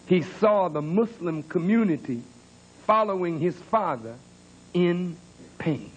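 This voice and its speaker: The audio is poor, but this expressive, high-voiced minister comes through clearly in tone: slow-paced, dramatic, moving between soft, low moments and emphatic peaks. Throughout his sermon he earnestly insists on his own honesty.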